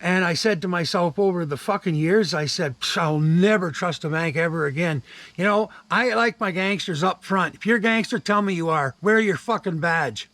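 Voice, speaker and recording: A man's voice: high-pitched, normal speed, fairly bright tone, no room sound. An older Canadian man ranting angrily and profanely in a vlog, retelling phone calls and repeating "I said". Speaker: vlogger. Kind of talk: angry ranting monologue. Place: home in the wilderness.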